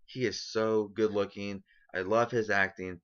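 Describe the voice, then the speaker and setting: A man's voice: lowish voice, fairly even intonation, unhurried, fairly bright tone, clean tone, highs cut off. A young man ranking his favorite films in a casual vlog, enthusiastic and rambling with lots of ums. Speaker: movie vlogger. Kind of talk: casual movie countdown vlog.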